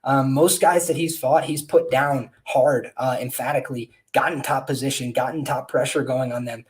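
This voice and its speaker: Speaking at normal speed with fairly even intonation and a mid-range voice, a man hosts a podcast breaking down bets on upcoming fights. His handicapping talk is casual and meandering, and he often uses fillers and restarts his sentences.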